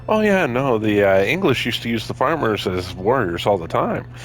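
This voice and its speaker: Deep-voiced man joking through gameplay. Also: lively intonation, moderate pace, soft background music. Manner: joking and chatty, jumping into high tones. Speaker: gameplay commentator. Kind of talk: casual game commentary.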